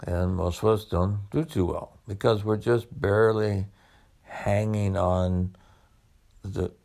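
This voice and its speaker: Speaking slowly with fairly even intonation, a man who used to be a police officer shares his personal story of studying for medical school in a reflective, conversational manner. His voice is on the low side, gravelly and a little mellow.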